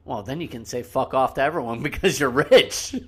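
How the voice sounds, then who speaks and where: A man's voice: mid-range voice, a little fast, a bit bright, breathy edge. Easygoing man telling rambling stories. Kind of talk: casual chat.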